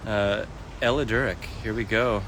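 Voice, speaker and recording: A man with a somewhat low voice chats in an easygoing way, full of fillers and little exclamations, as he walks outdoors through a city park. He holds his phone as the mic, and loud street noise and passing traffic sit right under his words. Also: moderate pace. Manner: chatty and easygoing, with frequent fillers and excited exclamations. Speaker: raw food lifestyle coach. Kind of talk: casual live-stream chat while walking.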